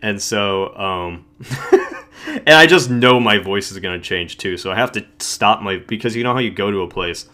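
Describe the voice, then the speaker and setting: A low-pitched man with a bright, forceful tone chats casually on a podcast. He rambles, restarts and trails off mid-sentence. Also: big pitch swings, moderate pace. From Ohio. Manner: rambling, self-interrupting, trailing off. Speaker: podcast co-host. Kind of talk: casual live podcast chat.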